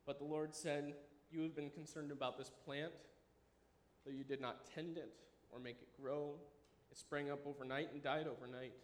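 A man's voice: on the high side, normal speed. Enthusiastic man preaching in an echoey room. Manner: animated, enthusiastic preaching with sudden drops to quiet. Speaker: pastor. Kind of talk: sermon. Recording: echoey room with faint ambience.

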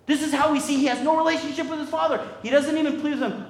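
Brief: male pastor mid-sermon, lively and chatty, high voice, reverberant church room. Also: quick pace, hardly any pauses. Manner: animated preaching with sudden loud jumps and quiet drops; conversational, checks in with "right?" and "okay?".

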